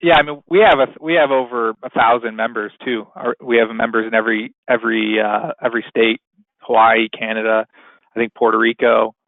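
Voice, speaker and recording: A man hosting a webinar in a casual, rambling way, filling pauses with "you know". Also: medium pitch, little pitch movement, vocal fry, no room sound. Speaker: webinar host. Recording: tinny phone-line sound, dry.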